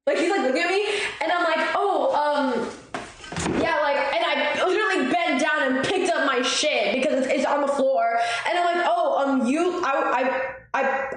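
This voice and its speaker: High-voiced young woman in an echoey room. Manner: animated, swearing, laughing, mimics people. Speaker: streamer. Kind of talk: casual storytelling chat. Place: room on a livestream. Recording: very echoey room, faint noise.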